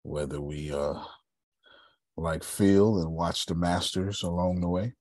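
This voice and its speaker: A man's voice: low voice, fairly even intonation, slow pace, darkish tone, no room sound, clean studio sound. A man from Texas leading a group call, telling stories and preaching motivation with strong emphasis. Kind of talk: motivational talk.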